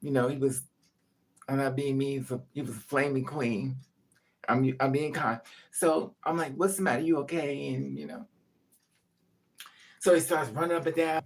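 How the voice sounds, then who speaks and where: A woman's voice: a bass voice, steady tone, measured pace, pauses often. A woman vlogger telling a rambling, profane story in casual chat to her viewers.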